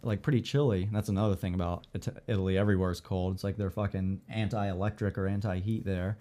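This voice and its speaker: A man co-hosting a podcast, telling a story in casual chat, animated, swearing freely and acting out the dialogue with lots of "like". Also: deep voice, quick pace. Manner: filler-heavy, lots of "like" and "I'm like".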